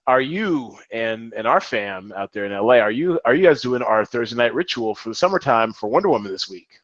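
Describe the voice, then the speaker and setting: A man's voice: medium pitch, lively intonation, a little fast, a bit bright, lo-fi sound. A man hosting a podcast in casual chat, joking around and laughing often. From Las Vegas area. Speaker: podcast host.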